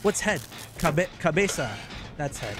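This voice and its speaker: A man giving joking, excitable commentary while streaming gameplay, often breaking into high shouts. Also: measured pace, noisy background. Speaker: gaming streamer.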